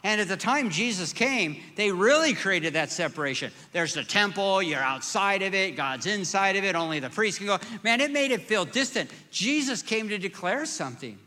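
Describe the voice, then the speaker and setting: Man preaching a sermon, squeaky bright tone, lively questions, in a reverberant hall. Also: normal speed, few pauses. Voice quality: self-described squeaky voice. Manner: conversational, emphatic preaching with rhetorical questions. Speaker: pastor.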